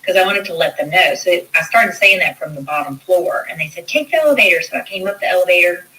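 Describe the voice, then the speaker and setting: A woman's voice: on the low side, quick pace, pushed and bright, recorded from a distance, poor audio. A woman, a nurse, recounting an event in an interview, telling it animatedly and acting out what others said. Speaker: nurse interviewed in a news clip.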